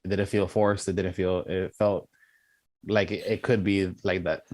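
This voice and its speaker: A man with a lowish voice, recorded dry and close, chatting casually about a film. He talks hesitantly and restarts his sentences often as he works out his opinion. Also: level tone, measured pace, a little mellow, no room sound. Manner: hesitant, many restarts and fillers. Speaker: podcast co-host. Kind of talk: casual movie review chat.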